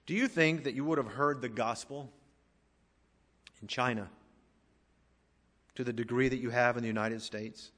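A middle-aged man preaching a sermon, swinging from emphatic rising questions to quiet, intimate storytelling. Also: medium pitch, fairly even intonation, moderate pace, pauses often. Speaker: pastor. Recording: long hall reverb.

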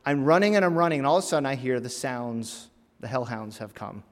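A man of middle pitch preaches in a sermon, building into loud, emphatic bursts and then falling back quiet. He tells a funny personal story along the way. His voice trails off into a long hall reverb. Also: expressive, brisk.

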